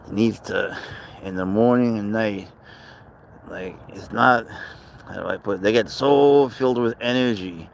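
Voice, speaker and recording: A cat-owning vlogger rambles easygoingly about his cat while out in a park with traffic nearby, tired from too little sleep. His voice is fairly low with vocal fry, he speaks at a measured pace, and there's slight background noise.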